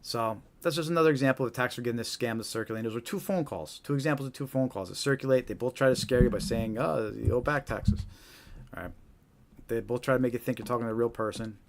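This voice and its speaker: A man's voice: medium pitch, rapid-fire, slight background noise. A man hosting a live stream, explaining things casually and often asking "right?". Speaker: host.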